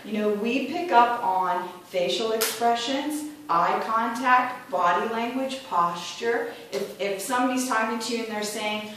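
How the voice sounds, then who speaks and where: A woman's voice: medium pitch, a little slow, few pauses, fairly bright tone, far from the mic, a little hiss or hum. Chatty woman in an echoey room. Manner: chatty, acts out voices when quoting. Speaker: club speaker. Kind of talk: prepared club speech.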